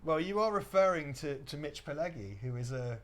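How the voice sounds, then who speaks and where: A man's voice: a little high, lively intonation, fairly quick. A man hosting a livestream, reading viewer comments aloud and joking around casually. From England. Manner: jokey, reads questions aloud. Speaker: host.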